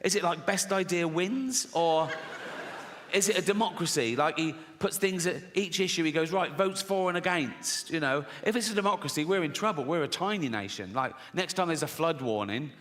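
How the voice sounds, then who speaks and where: On a large theatre stage, a middle-aged man performs stand-up that is sardonic and full of swearing, laughing at his own jokes. His fairly high, fairly bright voice is brisk with lively intonation, and the live recording carries hall reverb and faint noise.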